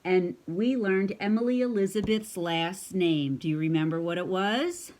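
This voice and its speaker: A woman's voice: mid-range voice, moderate pace, darkish tone. A woman reading a picture book aloud to her child, breaking off for chatty asides and playful hiccup noises. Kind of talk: casual storybook read-aloud.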